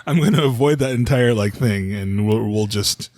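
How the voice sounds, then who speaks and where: A man's voice: on the low side, moderate pace, a little mellow, no room sound. Easygoing man, giggly, dry sound. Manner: laughs easily, rambling restarts. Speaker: voice actor guest. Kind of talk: casual podcast chat.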